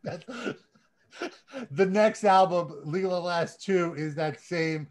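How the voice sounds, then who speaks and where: A man's voice: sits high, slow. A man hosting a casual podcast, rambling and laughing often as he talks. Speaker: podcast host.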